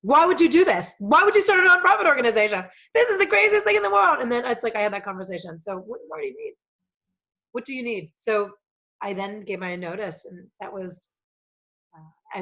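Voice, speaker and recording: A woman guest on a coaching podcast, telling personal stories in an animated, emotional way, swearing freely and rambling as she goes. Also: on the low side, slightly rough. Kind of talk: casual storytelling conversation.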